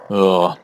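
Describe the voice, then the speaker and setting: A young man co-hosts a podcast, chatting casually, rambling with fillers and laughing often.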